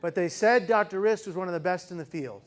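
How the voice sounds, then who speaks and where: A man in his forties giving a personal storytelling speech as a keynote speaker, dramatic and shifting between loud intensity and hushed quiet. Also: high-pitched, fast. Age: 40s.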